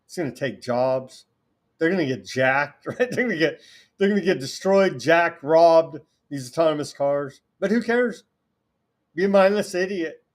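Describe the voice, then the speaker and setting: A man's voice: fairly high pitch, lively intonation, moderate pace. A man from California hosting a political talk show, delivering sarcastic, indignant commentary. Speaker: host.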